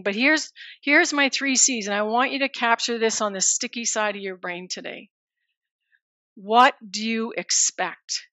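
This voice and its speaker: A woman in her sixties, a farm family coach, giving a lively live presentation, calling on listeners by name and dropping in French words. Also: mid-range voice, dry recording, highs cut off. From Manitoba, Canada.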